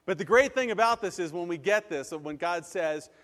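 A man's voice: a little high, moderate pace, fairly bright tone. A man preaching a sermon, earnest and conversational, acting out prayers and everyday reactions. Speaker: pastor. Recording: long hall reverb.

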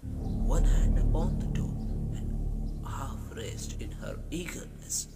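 A man reads a classic story aloud at a slow, theatrical pace. His high voice swings widely in pitch. A long reverb trails his words, and loud music plays underneath. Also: lively intonation, vocal fry. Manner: slow and theatrical, rereads lines. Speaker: audio drama reader.

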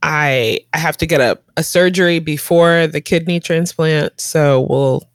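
Low-voiced woman chatting over a video call. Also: measured pace, dry recording, clean studio sound. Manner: rambling, filler-heavy, laughs often. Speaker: guest in a conversation. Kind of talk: casual chat.

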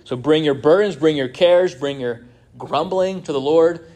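A man's voice: a little high, a little slow, a little mellow. A man with a Midwestern American accent preaching a sermon as pastor, conversational, often checking in with "right?".

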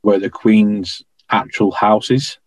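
Appearing on a podcast, a former royal guardsman relaxes into slow, chatty stories full of regional phrasing and dialect grammar like "I was stood." His voice sits fairly low, and the rough recording sounds dry and close, without echo.

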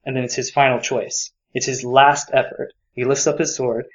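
A man's voice: medium pitch, level tone, normal speed, highs cut off. A man co-hosting a podcast, talking enthusiastically about a book and rambling with many fillers. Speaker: podcast co-host. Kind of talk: casual book discussion.

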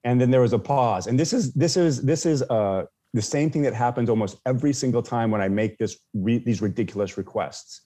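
A man's voice: mid-range voice, a little fast, hardly any pauses, warm tone. A man casually telling a personal story as a podcast guest, with many restarts and fillers.

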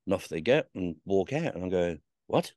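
A man's voice: deep voice, expressive, fairly quick, a little mellow, no room sound, studio quality. A man, a podcast guest, recalls his past in a rambling, swearing storytelling style, full of fillers and restarts. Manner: swears freely, acts out quoted voices. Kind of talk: telling stories from his past in an interview.

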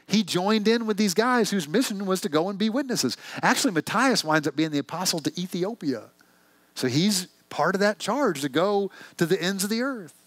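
Animated male pastor preaching. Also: fairly high pitch, no room sound. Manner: conversational, animated storytelling with rhetorical questions. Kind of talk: sermon.

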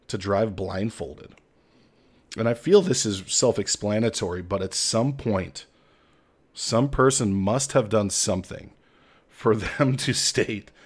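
A man's voice: lowish voice, a little mellow. Mock-grandiose man hosting a podcast. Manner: mock-grandiose, tongue-in-cheek. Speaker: podcast host. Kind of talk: solo comedic podcast monologue.

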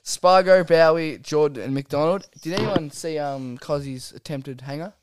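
An Australian man hosts a laid-back sports podcast, slightly higher-pitched than most men. He laughs often and teases his mates. The sound is close and dry. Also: moderate pace, clean tone, dry recording. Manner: laughing, teasing, runs the segment. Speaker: podcast host. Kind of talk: casual podcast banter about football.

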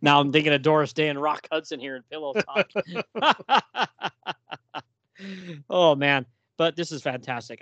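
A man's voice: fairly high pitch, unhurried, pauses often, a bit bright, no room sound, muffled recording. A man hosting a casual chat about comic books, often laughing and acting out the lines he quotes. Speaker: podcast host.

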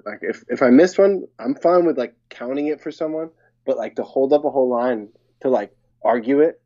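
A man's voice: mid-range voice, fairly quick, dark tone. A man chatting casually as a podcast co-host, telling anecdotes loosely with many fillers. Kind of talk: casual chat. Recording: dull lo-fi mic.

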